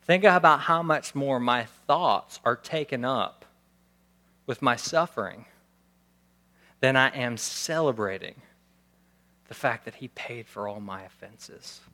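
A man's voice: medium pitch, takes it slowly, pauses often, pushed and bright. A male pastor giving a conversational sermon, acting out little scenes as he preaches. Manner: conversational, acts out scenes with raised voice.

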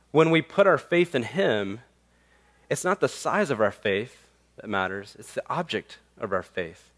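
A man preaching a sermon in a conversational, storytelling way. He rises in pitch and loudness to stress points and then drops to quiet, low endings. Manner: animated, rising for emphasis and dropping to quiet low endings. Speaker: pastor.

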